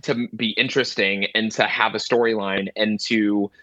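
A man who is a comedian, a guest on a podcast, telling pop culture stories in a quick, excited, self-mocking way. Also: fairly low pitch, no echo, highs cut off. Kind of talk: casual chat.

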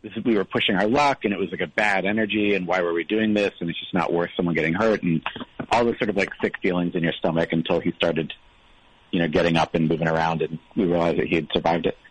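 A man calling in to a radio show, a filmmaker chatting casually and quickly with lots of fillers. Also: deep voice, slight background noise, poor audio. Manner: fast, relaxed, many fillers. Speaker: caller, filmmaker. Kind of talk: casual phone chat.

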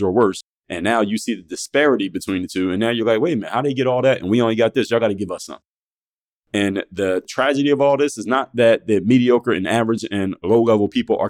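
A man's voice: lowish voice, a little mellow. A man hosting a podcast, delivering a blunt, profane monologue full of rhetorical questions, speaking. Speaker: podcast host.

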